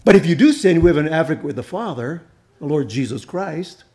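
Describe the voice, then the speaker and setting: High-voiced preaching man. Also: lively intonation, fairly quick, darkish tone. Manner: conversational preaching with humor and audience asides. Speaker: pastor. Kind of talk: sermon.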